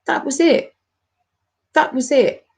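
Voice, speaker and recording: A woman in her forties, talking to her viewers in an upset, halting rant, often stopping and repeating herself. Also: high-pitched, vocal fry. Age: 40s. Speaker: YouTuber. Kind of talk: emotional live-stream rant.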